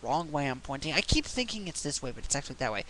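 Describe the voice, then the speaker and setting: A man rants into his camera with a mocking, exasperated edge and plenty of swearing. His voice sits a little on the high side. A faint hiss runs under the recording. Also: sing-song, fast, fairly bright tone, low-quality recording. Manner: sarcastic, exasperated; profane, mocking. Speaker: video blogger. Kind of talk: ranting vlog.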